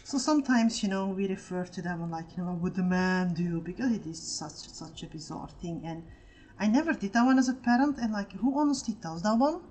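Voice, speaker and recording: A woman's voice: mid-range voice, fairly quick. A woman co-hosting a live stream, telling stories in casual chat and swearing freely. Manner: animated storytelling, swears freely. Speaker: streamer co-host.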